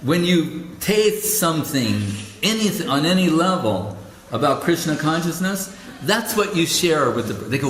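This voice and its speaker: A man, a spiritual teacher hosting a talk show, telling stories in a casual, animated way and laughing often. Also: a little high, unhurried. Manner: animated, laughing, chatty with fillers. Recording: roomy echo.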